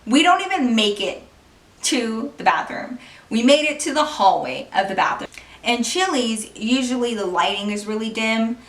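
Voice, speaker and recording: A young woman vlogger telling a personal story in a casual, animated way, swearing and laughing often. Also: fairly high pitch. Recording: roomy, distant from the mic.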